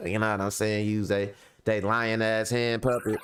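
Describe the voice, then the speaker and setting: A middle-aged man hosting a casual commentary show, telling stories in slang and acting out voices in a high, squeaky pitch. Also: little pitch movement, normal speed, a bit bright, clear, resonant tone.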